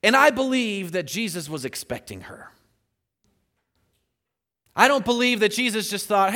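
Animated high-voiced male preacher. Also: moderate pace, long reverb tail. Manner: animated, acts out the voices in the scripture story. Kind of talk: sermon.

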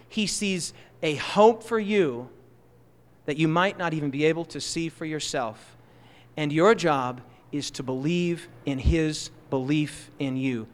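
A high-voiced male preacher delivering an impassioned sermon. He drives his points home with loud, rising bursts, then drops into slow, quiet asides. The sound carries a long reverb from the church hall. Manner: impassioned, swings between loud emphasis and soft slow asides.

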